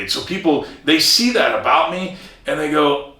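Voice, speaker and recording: A man's voice: on the high side, lively intonation, normal speed, sharp tone, echoey room, far from the mic. A man, a commercial real estate broker, speaking earnestly as an interview guest, often restarting and acting out what others said. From Southern California. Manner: earnest, many restarts, acts out quoted people. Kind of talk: casual interview talk.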